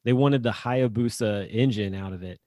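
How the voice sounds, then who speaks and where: A man's voice: fairly low pitch, normal speed, dark tone, no echo, studio quality. A man from Northern Indiana, co-hosting a podcast in easygoing casual chat, laughing often and using many fillers. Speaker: podcast co-host.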